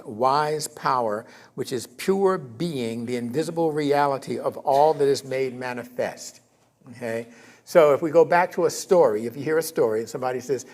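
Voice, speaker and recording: A man giving a conversational sermon in a church, often checking in with his congregation and rising in pitch for emphasis. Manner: conversational, keeps checking in with "okay?"; animated, rises in pitch and volume for emphasis. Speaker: minister.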